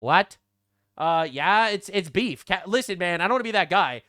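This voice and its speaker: A man giving sarcastic, mocking reaction commentary, swearing and swinging between loud outbursts and low asides. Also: lively intonation, normal speed, smooth, dry recording, studio quality.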